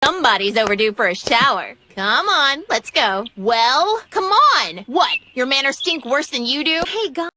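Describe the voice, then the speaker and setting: A woman voicing a sharp-tongued young heroine in an English anime dub, with a high, squealy voice. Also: lively intonation, normal speed, hardly any pauses. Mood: teasing. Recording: clip with loud music.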